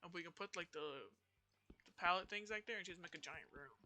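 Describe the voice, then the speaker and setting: A man's voice: high-pitched, a little fast, bright, forceful tone. A young man chatting casually while planning a build in a game, loose and full of fillers. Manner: easygoing, filler-heavy. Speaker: gamer recording the session. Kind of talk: casual chat while gaming.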